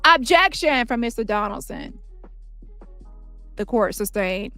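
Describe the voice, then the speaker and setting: A woman's voice: fairly high pitch, animated, measured pace, sharp tone, faint music behind. Woman reading a court transcript. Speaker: transcript reader.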